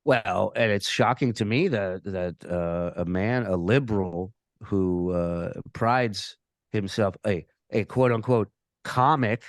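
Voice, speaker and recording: Animated, profane male storyteller. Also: lowish voice, takes it slowly, dry recording, studio quality. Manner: animated, profane, repeats words when restarting. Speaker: guest, comedian and podcaster. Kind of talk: casual storytelling.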